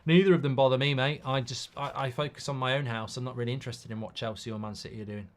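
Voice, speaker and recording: A man's voice: medium pitch, fairly even intonation, quick pace. A man hosting a live football watchalong, casual and blunt, reading out viewer comments between reactions to the match. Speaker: host.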